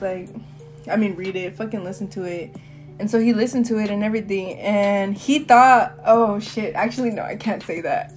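A woman's voice: mid-range voice, normal speed, faint music behind. A young woman hosting her own podcast, telling a candid, slang-heavy story in a rambling, casual way with frequent laughs. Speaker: podcast host. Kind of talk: casual solo podcast chat.

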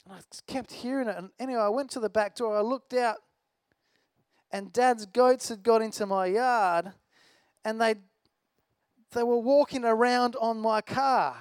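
A man's voice: extremely high pitch, steady tone, moderate pace, clean tone, no room sound. A man preaching a sermon in a conversational, storytelling way, with a self-deprecating personal anecdote.

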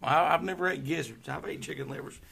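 A man's voice: fairly high pitch, fast, vocal fry, fairly bright tone, slightly rough. A man hosting a casual podcast chat, playful and quizzing his co-host.

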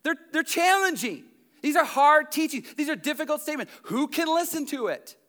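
A man preaching a sermon, animated and emphatic, dropping to quiet asides and near-whispers between loud passages. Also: extremely high pitch, moderate pace. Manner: conversational asides with the congregation.

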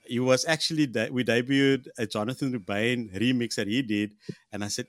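A man hosting a livestream interview, lively and encouraging, with sudden bursts of pitch when he turns to his guests. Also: moderate pace, no echo, studio quality. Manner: animated, with jumps in pitch when addressing guests. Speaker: host.

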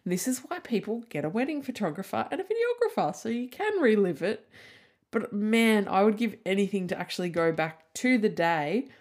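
A woman in her thirties talks a little fast in a medium-pitched, darkish voice with big pitch swings. Hosting a solo podcast, she chats casually and candidly, rambling with lots of "like" and occasional swearing.

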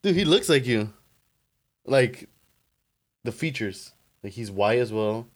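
A man's voice: mid-range voice, animated, slow pace. A young man co-hosting a podcast, reacting in a laid-back casual way with slangy quips. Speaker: podcast co-host. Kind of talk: casual chat.

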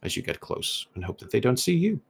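A man narrating as game master of a tabletop role-playing game in a casual, relaxed way. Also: mid-range voice, fairly quick, gravelly, breathy edge.

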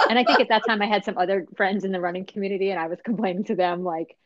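A woman in casual conversation, telling a story in an animated, chatty way with many fillers. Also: mid-range voice, racing, hardly any pauses, no room sound. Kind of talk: casual chat. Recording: dry, slightly dull sound.

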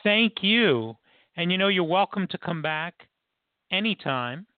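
Male talk show host, raised pitch, casual and halting, dry phone-line audio. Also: lively intonation, no echo. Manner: halting, many "you know" fillers. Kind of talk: casual interview chat.

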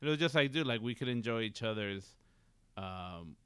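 Laid-back male co-host, smooth clear voice, dry close sound. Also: fairly low pitch, expressive, moderate pace, fairly bright tone, no room sound. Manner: laid-back, agreeable, laughs often. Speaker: podcast co-host. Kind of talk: casual movie rewatch chat.

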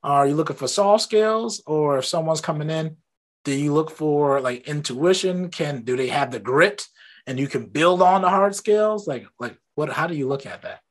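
A man hosting an interview from his home office, talking in a relaxed, rambling way about his own habits. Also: fairly high pitch, moderate pace. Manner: relaxed and talkative, rambling anecdotes. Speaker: podcast host. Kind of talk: casual interview chat.

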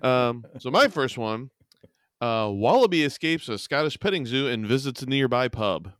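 A man co-hosting a casual podcast, reading odd news stories aloud with jokes and rambling asides, often correcting his own wording. His voice is smooth and clear. The recording is dry and close to the mic. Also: medium pitch, big pitch swings, moderate pace, dry recording. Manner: joking, rambling, self-correcting. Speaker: podcast co-host.

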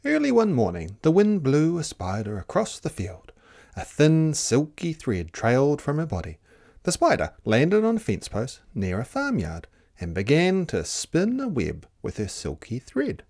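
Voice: medium pitch, wildly swooping pitch, takes it slowly, vocal fry, darkish tone. A storyteller reading a children's picture book aloud with lots of expression, dropping into animal sounds.

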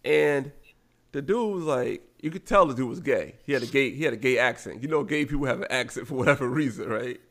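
A man with a gravelly, fry-edged voice, chatting casually as a podcast co-host. He tells stories with animated quoted voices, in a middle pitch. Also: fairly quick. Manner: animated storyteller acting out quotes. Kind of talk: casual storytelling chat.

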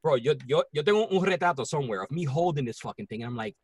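A man with a Puerto Rican accent, telling a story in casual podcast chat, profane and animated. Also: on the high side, very fast, husky, dry recording. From Puerto Rico.

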